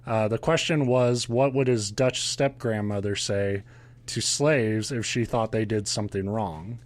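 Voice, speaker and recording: A man's voice: on the low side, steady tone, measured pace. A man hosting a podcast, retelling a ghost legend in casual chat with a sarcastic, profane manner and frequent laughs. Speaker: podcast host.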